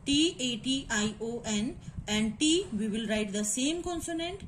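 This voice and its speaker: A woman teaching a phonetics lesson, spelling out words letter by letter and often asking whether it is clear. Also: a little high, expressive, slight background noise. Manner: slow, spells out letters and syllables, repeats checks. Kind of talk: classroom lecture on phonetics.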